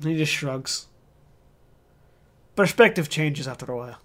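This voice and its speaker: A man's voice: a little high, animated, measured pace. A man acting as game master, narrating a tabletop game with dry, wry asides.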